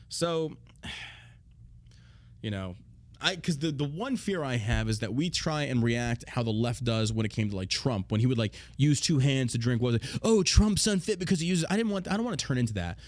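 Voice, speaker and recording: A man's voice: medium pitch, big pitch swings, brisk, no echo. A man hosting a show, ranting bluntly and profanely in a casual, heated way. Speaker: show host. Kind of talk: casual political rant.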